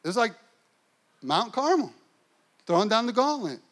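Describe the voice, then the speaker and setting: A man preaching a sermon as pastor, telling a personal story with lively acted-out quotes. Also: high-pitched, moderate pace.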